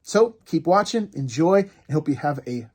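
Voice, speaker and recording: A man in his thirties, a pastor giving a friendly, energetic welcome to online viewers. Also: a little high, moderate pace. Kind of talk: upbeat video greeting.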